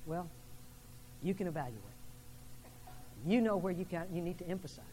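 A man's voice: sits high, normal speed, mellow, big-room sound, a little hiss or hum, poor audio. A man preaching a sermon to his congregation in a church, building emphasis through a string of questions. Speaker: pastor. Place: church sanctuary.

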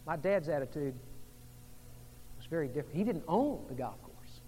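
A man preaching a sermon as pastor, moving between hushed, intimate passages and emphatic, rising delivery. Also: on the high side, animated, normal speed, in a large hall, a little hiss or hum.

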